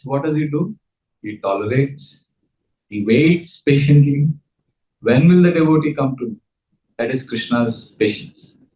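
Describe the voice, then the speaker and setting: A man's voice: mid-range voice, warm tone, roomy sound, a little hiss or hum, low-quality recording. A man giving an earnest scripture lecture and leading the audience in call-and-response chanting. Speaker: spiritual teacher.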